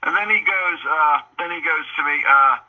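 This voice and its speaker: A man phoning in to a radio show, telling a story in an animated, indignant way. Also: fairly high pitch, normal speed. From New York. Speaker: caller. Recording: tinny phone line.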